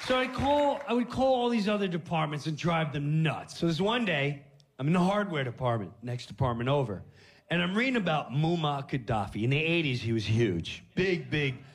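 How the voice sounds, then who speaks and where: A man hosting a podcast and telling comic stories, animated and laughing, jumping into voices. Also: a little high, normal speed. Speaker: podcast host. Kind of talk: comic storytelling.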